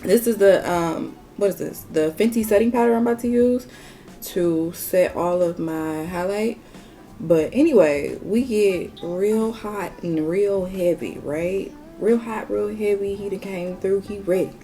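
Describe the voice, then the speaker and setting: A woman's voice: mid-range voice, measured pace, dark tone, faint music behind. A woman vlogger chatting candidly and with profanity through a storytime while she does her makeup, talking straight to her viewers. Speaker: beauty vlogger. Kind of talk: casual storytime chat during a makeup tutorial.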